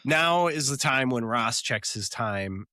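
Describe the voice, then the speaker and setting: A man co-hosting a casual podcast, retelling scenes with quick character voices. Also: medium pitch, expressive, pushed and bright, dry recording, studio quality. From Upper Midwest of the US. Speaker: podcast co-host.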